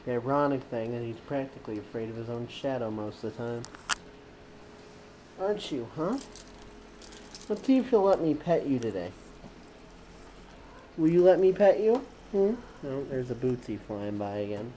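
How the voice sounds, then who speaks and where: A woman's voice: very deep voice, normal speed, warm tone, slight background noise, rough recording. A woman filming her cats at home, chatting to them in a teasing way, cooing and cursing at them. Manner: teasing, coos and swears at the cats. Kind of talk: casual talk to pets. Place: at home indoors.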